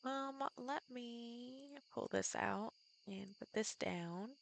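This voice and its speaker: Her voice is on the high side, creaky and very slow, with a little hiss or hum in the audio. She is a live streamer playing a farming game, chatting casually, thinking aloud and greeting viewers in the chat.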